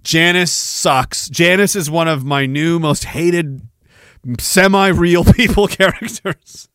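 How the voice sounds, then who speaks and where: A man's voice: a little high, slow pace, a bit bright, smooth, no room sound, studio quality. A man hosting a podcast, ranting sarcastically and with a lot of profanity while reading out messages. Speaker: podcast host.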